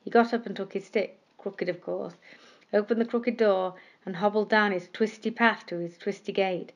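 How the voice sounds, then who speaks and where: A woman with a mid-pitched voice narrates a bedtime story gently and expressively. She draws out the words she wants to stress. The recording is slightly muffled and lo-fi. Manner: gentle, expressive, slowing for emphasis.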